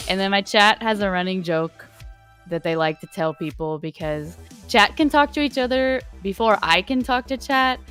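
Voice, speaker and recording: A woman's voice: on the low side, normal speed, fairly bright tone, clean tone. Young woman rambling on a stream call, giggly, faint music under it. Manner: chatty, laughs often, many restarts. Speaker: guest streamer. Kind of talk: casual chat.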